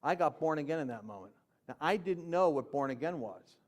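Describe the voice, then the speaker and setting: A man with a fairly high voice recounts his own conversion story as a Christian speaker. His delivery is lively and conversational. He jumps between loud, emphatic moments and hushed, low asides. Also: fairly quick. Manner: conversational with fillers and slang. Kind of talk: personal testimony storytelling.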